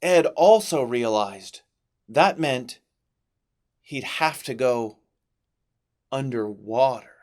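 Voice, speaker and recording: A man narrating a Bible story for children, telling it in a dramatic, expressive way with big swings in delivery. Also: mid-range voice, takes it slowly, long pauses. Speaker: children's ministry teacher.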